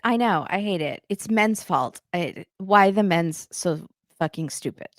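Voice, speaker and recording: A woman hosting a casual recap chat, telling the story with lively acted-out quotes and free swearing. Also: fairly low pitch, measured pace, dry recording, clean studio sound. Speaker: podcast host.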